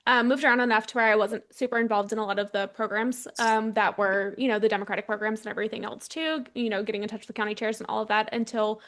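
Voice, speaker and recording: A woman's voice: medium pitch, fairly even intonation, fast talker, few pauses, a bit bright. A young adult woman from Texas, a congressional candidate, talking in a casual interview with frequent ums and restarts.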